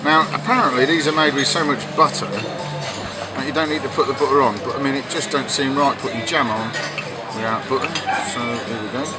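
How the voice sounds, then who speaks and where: Brief: male travel vlogger, mid pitch, tongue-in-cheek and rambling, loud music behind. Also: steady tone, fairly quick, low-quality recording. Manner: jokey, mock-patriotic, rambling.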